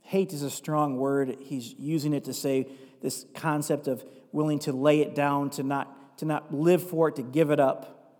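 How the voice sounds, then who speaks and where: A man delivers a sermon in a noticeably high voice, swelling into emphatic, repetitive runs before sinking into quiet, confessional asides. He reads scripture aloud between points. The sound carries a long hall reverb around him. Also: little pitch movement, normal speed. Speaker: pastor.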